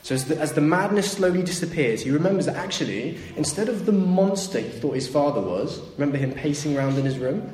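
A man's voice: fairly high pitch, animated, fast talker, few pauses, a little mellow, a little hiss or hum. A man delivers a sermon, retelling a parable and slipping into the voices of its people. His voice rings through a large, echoey hall with faint ambience behind it. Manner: storytelling, acts out voices of the story's characters. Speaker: preacher.

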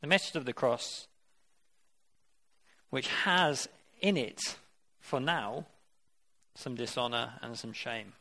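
A man's voice: mid-range voice, expressive, takes it slowly, long pauses, sharp tone. Man preaching, questioning listeners. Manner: reads scripture aloud, then questions the listeners directly. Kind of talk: interactive sermon.

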